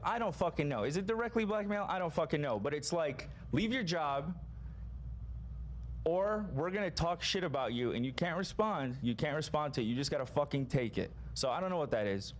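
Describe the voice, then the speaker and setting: A man's voice: on the high side, expressive, brisk, a little hiss or hum. A man making a sincere, emotional statement on a podcast, profane and hesitant, with frequent ums.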